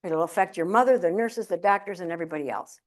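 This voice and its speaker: A woman voicing her easygoing older Italian father, who gives calm, reassuring advice. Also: lowish voice, fast talker, voice pushed down, natural voice.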